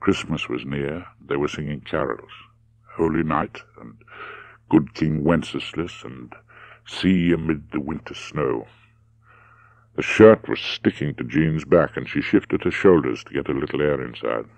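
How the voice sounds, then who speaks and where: A man narrating a novel audiobook in a steady, measured way. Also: rumbling low, vocal fry, no echo. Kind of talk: scripted narration.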